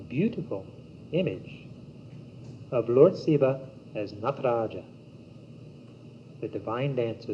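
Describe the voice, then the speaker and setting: Slow, mellow man teaching yoga philosophy. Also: mid-range voice. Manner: slow, measured, meditative delivery with long pauses. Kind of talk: spiritual teaching talk. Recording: dull old cassette tape with faint hiss.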